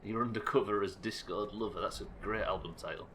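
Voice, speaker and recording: Bright-voiced, joking streamer. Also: male voice, on the low side, fairly quick, a little hiss or hum. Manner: swearing, joking asides to chat. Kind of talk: live gameplay commentary.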